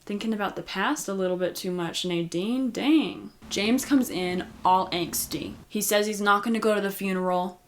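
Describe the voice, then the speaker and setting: A woman's voice: mid-range voice, normal speed, hardly any pauses, slight background noise. A woman giving a casual, chatty recap of a TV episode, with lots of "like" and "you know". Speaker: recap host.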